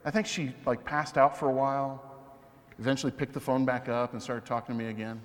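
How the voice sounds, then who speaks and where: A man giving a personal testimony talk as a Catholic speaker, telling his story with animated, self-deprecating humor. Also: mid-range voice, a little fast. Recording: long hall reverb.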